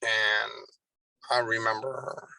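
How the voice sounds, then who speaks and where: Man, interview guest, gravelly voice, bright tone, earnest personal storytelling. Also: lowish voice, flat delivery, slow pace, dry recording, low-quality recording. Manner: earnest storytelling with many restarts, emotional at times. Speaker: Marine drill instructor and guest.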